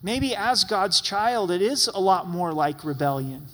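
Pastor guy preaching, earnest and pleading, bright high voice ringing round a big church hall. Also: a little slow, a little hiss or hum. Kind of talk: sermon. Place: church sanctuary.

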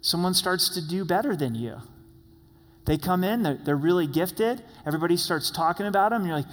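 A man with a high voice preaches to his church, lively and animated, slipping into the voices of the people he talks about. His words ring out with a long hall reverb around them. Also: normal speed. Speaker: pastor. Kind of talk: sermon.

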